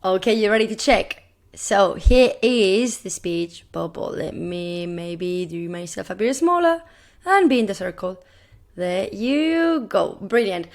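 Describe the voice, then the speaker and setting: A woman teaching a recorded classroom lesson, encouraging her pupils and repeating phrases slowly so they can echo them. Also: mid-range voice, lively intonation. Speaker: primary Spanish teacher.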